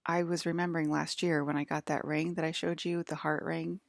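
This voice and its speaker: Gravelly low-voiced woman, rambling. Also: flat delivery, brisk, no echo, clean studio sound. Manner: hesitant, full of fillers and restarts. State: jittery and anxious. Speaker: vlogger. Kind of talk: rambling personal monologue.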